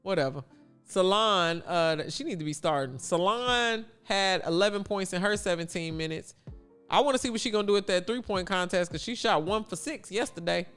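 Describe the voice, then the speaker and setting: A man hosting a casual sports talk livestream, chatty and blunt with animated asides. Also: sits high, normal speed, smooth, faint music behind. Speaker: livestream host.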